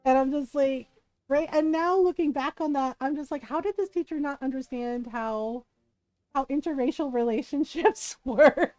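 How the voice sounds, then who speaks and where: A woman streamer from the United States telling a family story in casual, animated chat while she plays, laughing often and checking in with "right?". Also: high voice, moderate pace, no echo, rough recording. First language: bilingual in Tagalog.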